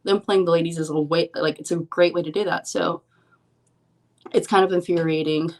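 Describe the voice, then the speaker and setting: A young woman talking casually on a podcast, her voice sitting a little low. She tells her stories in a loose, rambling way, peppered with "like" and "um". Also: steady tone, normal speed, darkish tone. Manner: chatty storyteller, lots of "like" and "um". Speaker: professional poker player, podcast guest. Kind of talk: casual interview chat.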